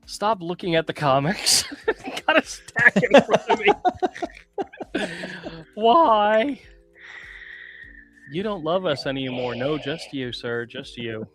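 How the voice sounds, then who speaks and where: A man's voice: fairly high pitch, very animated, slow, long pauses, a bit bright, faint music behind. Rambling chatty man hosting a stream. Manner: rambling, self-mocking storyteller, laughs often. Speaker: podcast host. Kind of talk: casual live-stream chat. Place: small room with some echo.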